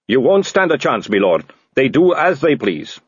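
A man's voice: medium pitch, very animated, moderate pace, husky, no echo, voice pushed up. A man voicing a nervous, placating male guard captain in an audiobook, on a slightly dull, dry recording. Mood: anxious.

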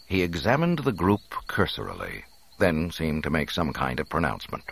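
A man narrating a storybook in an expressive, dramatic reading. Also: a bass voice, normal speed, vocal fry.

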